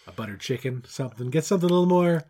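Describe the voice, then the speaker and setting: Middle-aged man, podcast co-host, casual rambling chat, voice drifts soft then loud. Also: fairly high pitch, lively intonation, rapid-fire.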